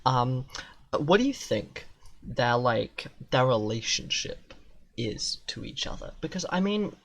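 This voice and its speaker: A man's voice: medium pitch, sing-song, takes it slowly, vocal fry, a bit bright, a little hiss or hum. A young man streaming a game live, rambling and joking in casual chatter, often restarting mid-sentence. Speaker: gaming streamer.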